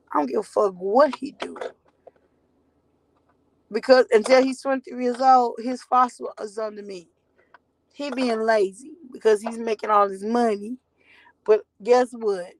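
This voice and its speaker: With vocal fry in her mid-range voice, a mother in her forties talks candidly to camera, telling her story bluntly and rambling while swearing freely. The recording is rough.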